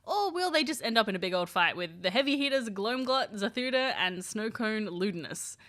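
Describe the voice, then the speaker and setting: A woman narrates a game recap in a brisk, scripted manner. Her voice sits fairly high and sounds bright and forward. She keeps a steady storyteller's pace. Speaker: recap host.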